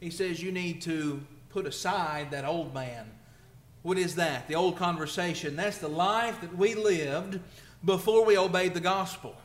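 A man's voice: high-pitched, unhurried, echoey room. A male preacher delivering a conversational sermon, asking rhetorical questions and building emphasis. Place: church.

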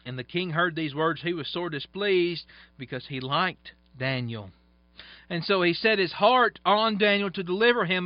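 A man's voice: high voice, no room sound. A man preaching a sermon, reading scripture aloud and explaining it in plain, folksy asides. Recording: dull, dry, lo-fi sound.

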